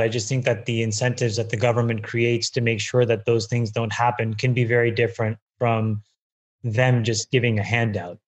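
Male guest, mid-range pitch, measured, hedging interview answers. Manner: measured, thinks aloud with hedges. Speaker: guest investor.

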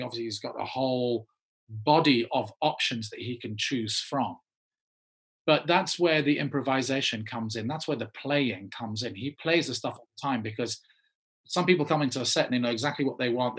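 An English actor recounts a story from his career, throwing himself into the voices of everyone he quotes. His tone is a little husky, and his delivery is animated and conversational. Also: medium pitch. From England. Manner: animated, acts out quoted people in changing voices. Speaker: actor, guest. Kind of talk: anecdotal storytelling.

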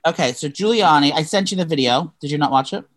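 This young man co-hosts a podcast, and his voice is a little high and a bit bright as he talks fast. He chats casually and gossips, rambling along with plenty of fillers and restarts.

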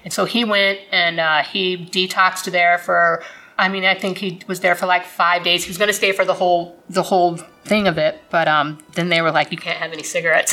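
A woman's voice: on the low side, flat delivery, a little fast, bright, forceful tone, a little hiss or hum, rough recording. A woman, candidly telling her recovery story in a rambling way, full of fillers and restarts.

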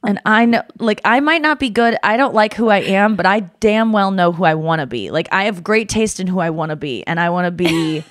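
A woman hosting a podcast in casual chat, animated and self-mocking, swearing freely. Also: medium pitch, a little fast, hardly any pauses, no echo, studio quality. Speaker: podcast host.

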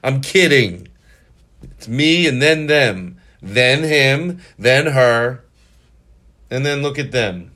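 A man hosting a solo podcast, rambling with many restarts and self-corrections, a little high. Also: animated, slow, pauses often, sharp tone. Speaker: podcast host.

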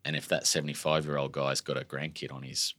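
An Australian man in his forties, an author talking openly and emotionally in a relaxed interview, animated and full of casual slang. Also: a bass voice, quick pace, dry recording. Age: 40s. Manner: emotional, animated storyteller, laid-back slang. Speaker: author guest.

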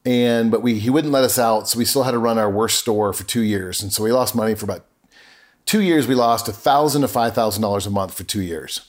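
Speaking a little fast in a voice on the low side, a middle-aged man appears as a podcast guest. He earnestly recounts something from his own life, acting out remembered talks.

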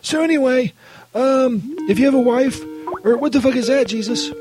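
A man doing a whiny, profane saint, squeaky high voice. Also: moderate pace, music in the background. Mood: indignant. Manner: whiny, profane, keeps saying "Jesus". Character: crude irritable man playing a saint, who calls everything bullshit.

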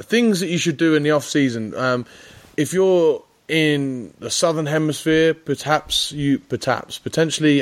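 A man hosting a casual podcast, bantering with his co-host in a teasing, rambling way. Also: medium pitch.

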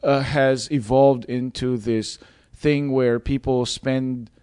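A man's voice: medium pitch, steady tone, slow pace, a little mellow, smooth, no room sound, clean studio sound. A man from the Philippines with a Filipino accent, speaking English as a second language, chatting casually as a guest with many restarts and laughs. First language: not English. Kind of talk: casual chat.

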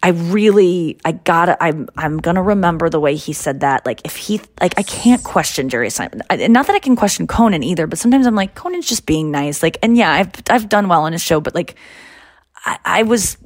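A woman podcast host in casual chat, telling stories in an animated way and acting out what others said. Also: lowish voice, fairly quick, no room sound, studio quality. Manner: animated storytelling, quoting others in raised voices.

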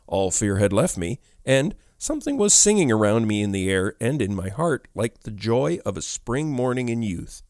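A man narrating a classic ghost story audiobook in a measured, expressive way. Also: mid-range voice, dry recording, studio quality.

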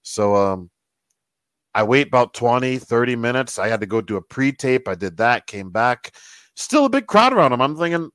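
A man casually telling a backstage story as a guest, animated and quoting the people in it. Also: medium pitch, normal speed, no room sound, low-quality recording. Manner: animated storyteller who quotes other people. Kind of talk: casual anecdote.

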